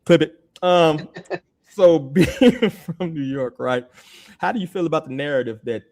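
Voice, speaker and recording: A man hosting a casual roundtable podcast, wry and animated, swearing freely as he asks the panel questions. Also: fairly high pitch, a little slow, no echo. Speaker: podcast host.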